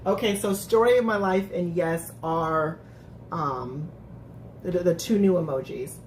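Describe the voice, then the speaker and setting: A woman's voice: on the low side, a little slow, a little mellow, a little hiss or hum. A woman hosting a casual live-stream recap, chatting with viewers, laughing often and restarting her sentences. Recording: echoey room.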